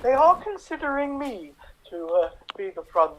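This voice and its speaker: A woman's voice: high-pitched, sing-song, a bit bright, a little hiss or hum, pitched above the performer's own voice, low-quality recording. A woman playing a cold, haughty older female prime minister in an improv scene, speaking in a posh manner over a video call. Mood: condescending. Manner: posh, slow, condescending, chuckling. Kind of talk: improv comedy impression.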